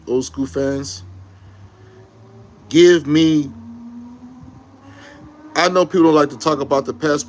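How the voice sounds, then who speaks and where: A man giving a casual, slangy fan rant to camera, excitable and rambling, often correcting himself mid-sentence. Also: medium pitch. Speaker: YouTube commentator.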